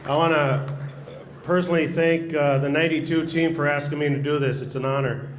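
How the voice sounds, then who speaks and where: Middle-aged man, upper midwest accent, anecdotal banquet speech, fairly high voice, echoey hall with faint noise. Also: steady tone, fairly quick. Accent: Upper Midwest American. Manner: joking anecdotal storyteller. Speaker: former hockey public address announcer. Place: banquet hall at a social event.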